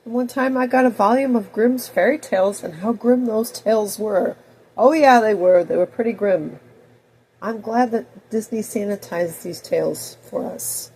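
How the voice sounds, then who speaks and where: A woman in her fifties with a cold, talking in a rambling personal monologue that swings between loud outbursts and soft mutters. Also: medium pitch, normal speed, a little hiss or hum, low-quality recording. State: has a cold. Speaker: video blogger.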